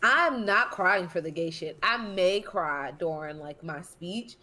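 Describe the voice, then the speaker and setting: Lower-voiced young woman co-hosting a podcast. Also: animated, a little slow, sharp tone. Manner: playful, defiant denials. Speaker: podcast co-host. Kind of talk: casual chat.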